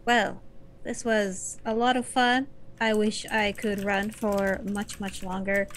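A woman's voice: mid-range voice, flat delivery, slow pace. A woman running a streamed tabletop game as storyteller, chatty, with frequent fillers as she wraps up.

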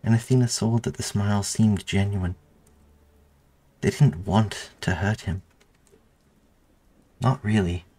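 A man reading his own story aloud in a steady, measured narration. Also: fairly low pitch. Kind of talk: audiobook narration.

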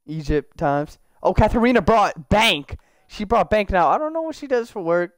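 A man's voice: high-pitched, expressive, moderate pace, dry recording, studio quality. A young man giving casual, slangy gameplay commentary, joking and talking to the characters in his game. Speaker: gaming YouTuber.

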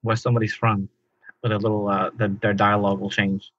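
A man's voice: lowish voice, level tone, a little fast, fairly bright tone, no room sound, lo-fi sound. A man from the Bronx, co-hosting a podcast in a laid-back, opinionated way. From New York (the Bronx). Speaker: podcast co-host. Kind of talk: casual chat.

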